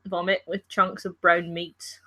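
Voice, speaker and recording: Scottish woman reading a creepy story on a stream, bright voice, keeps tripping on words and giggling. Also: on the low side, level tone, a little slow, slight background noise. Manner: giggly, reads with stumbles and self-corrections. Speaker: co-host reading stories aloud. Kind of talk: reading a story aloud on a livestream.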